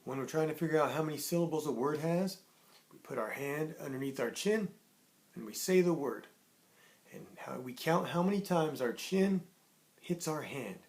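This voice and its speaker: Male teacher, cheerful, patient, mid-range voice, sounds out words for young kids. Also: mid-range voice. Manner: cheerful, sings a greeting song, slow clear sounding out of words. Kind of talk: online lesson for young children.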